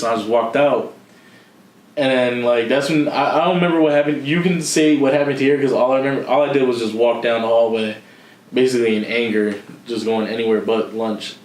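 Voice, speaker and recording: This young Philadelphia man co-hosts a podcast and speaks with his city's accent in a mid-range voice, steady in tone and moderate in pace. He tells a personal story candidly and casually, laughing and swearing freely, in an echoey room.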